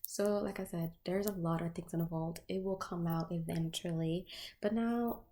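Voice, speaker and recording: Woman, lower-pitched voice, tarot reader, casual chat, blunt, swears, lots of fillers. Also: fairly even intonation, background noise. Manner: candid, profane, fast and loose with filler words. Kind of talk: casual chatty tarot video intro.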